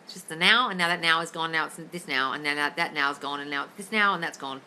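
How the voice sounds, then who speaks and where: A woman's voice: low voice, fast talker, sharp tone, slight background noise. A woman coaching listeners in a casual live-stream Q&A, blunt and sweary, calling everyone darling. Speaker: manifestation coach answering live questions. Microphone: phone.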